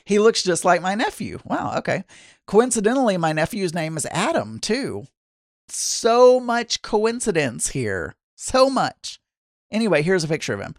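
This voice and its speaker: A man's voice: high-pitched, very animated, a little slow, no room sound. A middle-aged man hosting his own daily podcast, chatting casually and rambling with self-deprecating asides. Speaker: podcast host.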